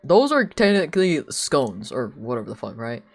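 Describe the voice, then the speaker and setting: A woman's voice: a bass voice, very animated, moderate pace, gravelly. A young woman streaming live, chatting casually in a rambling, giggly way with lots of filler words. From United States.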